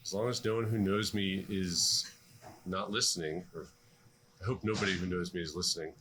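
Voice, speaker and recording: Deep-voiced doctor, halting interview answers. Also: male voice, steady tone. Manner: measured, frequent ums and restarts. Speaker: interviewed cardiologist.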